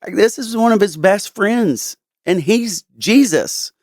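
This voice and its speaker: A man hosting a podcast, talking earnestly through a Bible story in a casual chat. He is halting and often restarts his sentences. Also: high voice, expressive, a little mellow, dry recording, clean studio sound.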